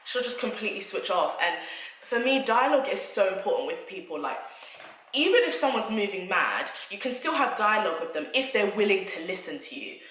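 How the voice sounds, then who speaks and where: A young woman telling a story to camera in an animated, chatty way. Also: medium pitch, fairly quick, reverberant, rough recording. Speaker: vlogger. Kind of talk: storytime vlog.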